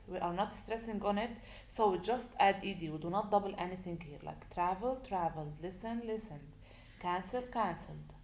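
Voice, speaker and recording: A woman teaching a grammar lesson, speaking slowly and deliberately, repeating points and asking rhetorical questions. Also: fairly low pitch, a little mellow. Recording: echoey room with faint noise.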